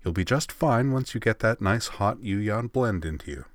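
A gentle, motherly teenage girl who soothes and reassures, as a deep-voiced man puts her on for a storybook reading. His voice lifts a little and softens, recorded close and dry. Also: lively intonation, moderate pace, dry recording, lightly acted. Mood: soothing.

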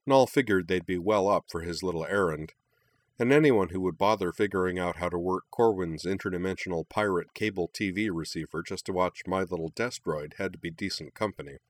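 A man narrating a story aloud in a steady, unhurried way. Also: deep voice, no echo. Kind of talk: storybook reading.

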